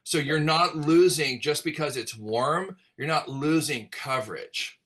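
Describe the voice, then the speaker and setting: A middle-aged man, a hair colorist, explaining color formulas in a relaxed, rambling way with many fillers during a virtual class. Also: a little high, a little slow.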